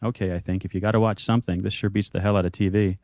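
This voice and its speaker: Deep-voiced man reading an intimate story. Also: steady tone, racing, a little mellow, no echo, clean studio sound. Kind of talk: reading a first-person story aloud.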